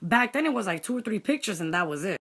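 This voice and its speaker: A young woman casually telling a story, animated, slipping Spanish phrases in among many "like" fillers. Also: mid-range voice, fast talker, slightly rough. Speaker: vlogger.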